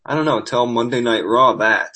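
A man's voice: mid-range voice, normal speed, bright, forceful tone, low-quality recording. A man hosting a podcast, reading wrestling news with sarcastic asides, losing his voice. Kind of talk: casual news commentary.

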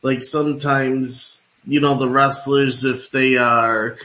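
In a roomy, echoing room, a man conducts a radio-style interview, rambling and stuffing his questions with filler words. He speaks slowly in a mid-range voice with little pitch movement, sounding pushed and bright.

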